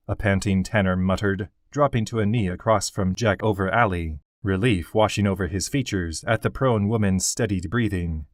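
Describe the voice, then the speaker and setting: Guy reading a fantasy audiobook, lowish voice, steady, dry close mic. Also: normal speed, hardly any pauses, dry recording. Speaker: audiobook narrator. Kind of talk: scripted fantasy narration.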